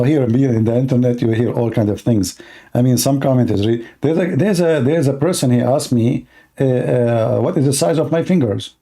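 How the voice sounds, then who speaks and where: A man hosting a livestream, speaking sarcastic, mocking broken English and swinging between loud outbursts and exaggerated slow, soft talk. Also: mid-range voice. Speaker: livestream host. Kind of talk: livestream debate commentary.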